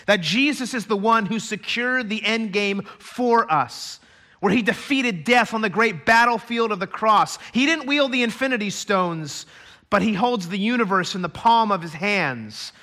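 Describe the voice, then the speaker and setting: Bright-voiced preaching man. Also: high-pitched, unhurried. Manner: emphatic preaching, builds to loud climaxes. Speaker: pastor. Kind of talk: sermon. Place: church stage.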